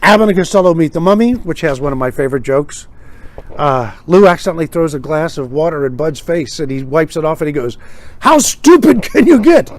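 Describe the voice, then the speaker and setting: A man's voice: on the high side, fast, dry recording. A man hosting a casual comedic monologue, wry and joking, acting out quoted gags. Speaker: host.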